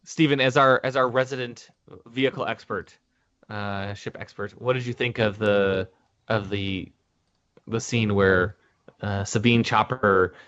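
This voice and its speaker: A man's voice: on the low side, fairly even intonation, measured pace, a bit bright. A man hosting a casual discussion, rambling and restarting his sentences often. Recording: dull lo-fi audio.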